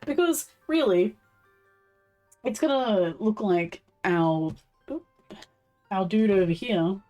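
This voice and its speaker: A woman's voice: mid-range voice, animated, takes it slowly, warm tone, distant mic. A young woman chatting casually and giggling as she works on a live stream, a little off the mic with faint music behind. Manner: chatty, giggly, talks while working. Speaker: streamer doing leathercraft.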